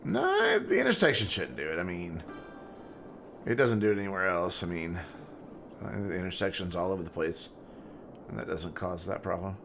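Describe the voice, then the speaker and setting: A man's voice: low-pitched, wildly swooping pitch, normal speed, vocal fry, pauses often, fairly bright tone, a little hiss or hum. A man streaming a city-building game, joking and rambling as he thinks aloud. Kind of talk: casual gameplay commentary.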